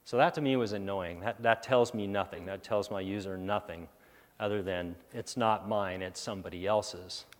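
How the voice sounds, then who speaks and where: A lower-voiced man presents a technical session in a large conference hall, his voice carrying a long echo off the room. He breaks into sarcastic, animated asides, then thinks aloud with fillers and restarts. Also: normal speed.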